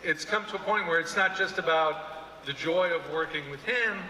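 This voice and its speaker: A man's voice: a little high, moderate pace, pushed and bright, slight background noise. Earnest man in an echoing hall. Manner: earnest, hesitant. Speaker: actor on a panel. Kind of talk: panel answer. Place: large convention hall stage. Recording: echoey hall with long reverb.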